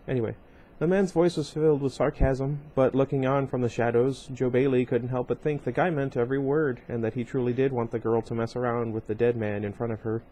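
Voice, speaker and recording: A man's voice: medium pitch, fairly even intonation, fairly quick, few pauses, mellow. A man casually reading a novel aloud at home, breaking off often for rambling side comments full of fillers. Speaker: reader of a book series.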